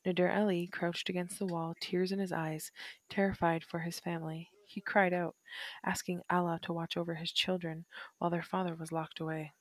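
A woman reads a first-person memoir aloud in a measured, reflective way. Her voice sits low, and the recording is dry and close with no room sound. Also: level tone, no room sound. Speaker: narrator.

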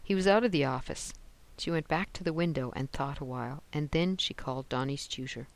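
An audiobook narrator giving steady scripted narration on a close mic. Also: medium pitch, brisk, gravelly. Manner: steady storytelling, lifts for quoted lines.

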